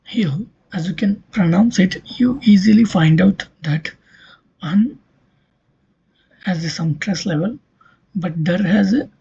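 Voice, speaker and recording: Slow, breathy-voiced linguistics lecturer. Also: mid-range voice, dark tone, muffled recording. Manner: slow, step-by-step explaining with frequent "okay" check-ins. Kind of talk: recorded online lecture.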